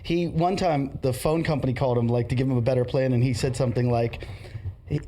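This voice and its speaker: A man's voice: medium pitch, fairly even intonation, dark tone. A man hosting a podcast, rambling through funny anecdotes in casual chat. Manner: rambling anecdotes with quick laughs. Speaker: podcast host.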